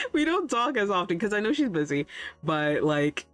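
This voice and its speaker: A woman's voice: mid-range voice, very animated, unhurried, fairly bright tone, soft background music. A woman streamer chatting casually with her chat, laughing often and swearing freely as she rambles.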